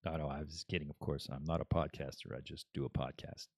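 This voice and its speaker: A man's voice: extremely low pitch, steady tone, quick pace, gravelly, a little mellow, husky, no echo, studio quality. A man hosting his own podcast in a casual, rambling monologue that drifts between topics and laughs at his own jokes. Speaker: podcast host.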